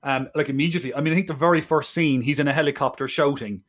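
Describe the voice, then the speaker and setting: On a film podcast, a male co-host reviews movies casually in a very fast, slightly high, fairly bright voice. He keeps stopping and restarting hesitantly, sounding exasperated and disbelieving.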